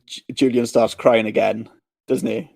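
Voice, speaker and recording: A man, mid-range in pitch, walks through a film scene by scene in relaxed podcast chat. He jumps into quick impressions of the characters as he goes. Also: vocal fry. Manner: animated retelling, acting out scenes in quick voices. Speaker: podcast co-host. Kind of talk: casual movie recap chat.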